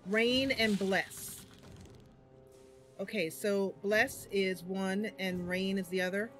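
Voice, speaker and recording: A woman livestreams a video game, talking through her moves and letting out sudden cries when things go wrong. Her voice is medium-pitched with fairly even intonation, and she speaks slowly over faint music.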